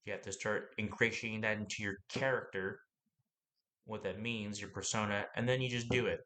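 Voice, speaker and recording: A man hosting a podcast, giving an animated, preachy motivational talk that rambles and fires questions at the listener. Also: lowish voice, fairly quick. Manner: animated and preachy, asks the listener questions, acts out other people's lines; rambling, with laughs and restarts.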